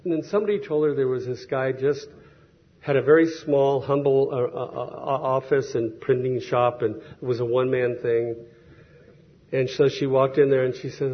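A man's voice: mid-range voice, steady tone, normal speed, muffled recording. A man preaching a sermon in a conversational, storytelling way, acting out the people he quotes.

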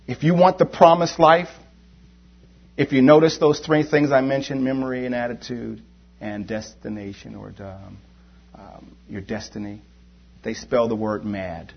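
A man's voice: mid-range voice, breathy edge. A man preaching a sermon, impassioned and building to fervent exhortation, then leading a prayer. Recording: dull lo-fi sermon recording.

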